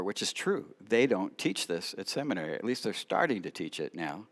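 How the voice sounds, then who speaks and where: A middle-aged man telling stories in a sermon, lively, with sudden quiet asides. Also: on the low side, normal speed, hardly any pauses. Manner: animated storyteller, drops to quiet asides. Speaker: rabbi preaching at church. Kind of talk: sermon storytelling.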